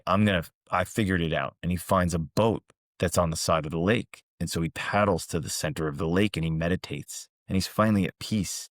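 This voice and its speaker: A man hosting a reflective monologue, calmly and earnestly recounting parables. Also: low voice, no echo, clean studio sound. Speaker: host, executive coach.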